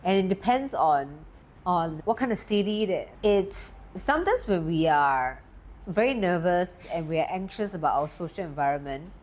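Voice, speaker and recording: A woman coaching on confidence in a steady, emphatic teaching talk, lifting her voice on key words. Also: lowish voice, normal speed. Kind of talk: talking-head teaching talk.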